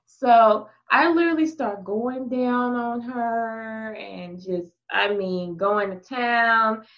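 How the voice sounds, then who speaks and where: A woman guesting on a podcast tells a story frankly and explicitly, in a lively, easygoing, candid way, though she takes it slowly. Her voice is high. The audio is muffled and lo-fi, like a home podcast recording.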